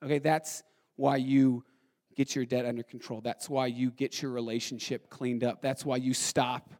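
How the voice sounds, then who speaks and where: A young adult man preaching a sermon, talking casually and with feeling, his delivery moving between quick, loud bursts and slow, quiet stretches. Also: mid-range voice. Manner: animated, swings from fast and loud to quiet and slow. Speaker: pastor.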